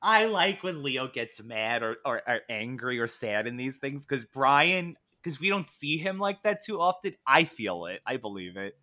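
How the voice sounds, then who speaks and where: A man co-hosting a casual podcast, recapping a TV episode in an animated way and often playing at funny voices. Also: medium pitch, normal speed, hardly any pauses, no room sound, clean studio sound. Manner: animated, slips into mock voices and laughs. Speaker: podcast co-host.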